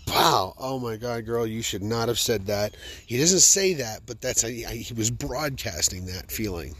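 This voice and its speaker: A man hosting a podcast, telling funny personal stories in an animated, joking, self-amused way. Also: medium pitch, moderate pace, breathy edge. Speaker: podcast host. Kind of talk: comic personal storytelling.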